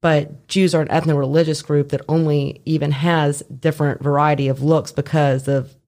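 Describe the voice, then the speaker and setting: A woman's voice: low voice, little pitch movement, normal speed, darkish tone. A woman in casual conversation, talking with lots of filler words and frequent laughter. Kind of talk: casual chat.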